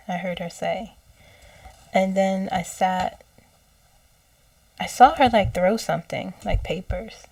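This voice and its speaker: Slow, gravelly-voiced woman psychic. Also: medium pitch, fairly even intonation, no echo, distant mic. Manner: slow, hesitant, self-correcting, with soft laughs and whispered asides. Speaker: psychic channeler. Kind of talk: casual monologue relaying channeled messages.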